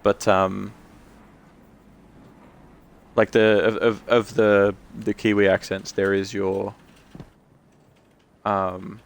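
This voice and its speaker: A male streamer chatting casually while he plays, rambling and restarting, his voice croaky and tired. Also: lowish voice, level tone, drawn-out words, long pauses. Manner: rambling, many restarts and fillers. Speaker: game streamer. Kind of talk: casual chat while gaming.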